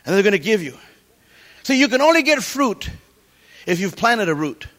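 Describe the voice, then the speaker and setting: A middle-aged man preaching a sermon as pastor, animated, quoting scripture and cracking jokes. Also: sits high, normal speed.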